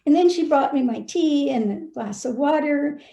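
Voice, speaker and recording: A woman's voice: sits high, moderate pace, vocal fry, roomy sound. A woman who was a head of school, telling a personal story and giving earnest, heartfelt advice to school leaders over a video call. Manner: earnest, heartfelt, gently urging. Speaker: former head of school, guest speaker.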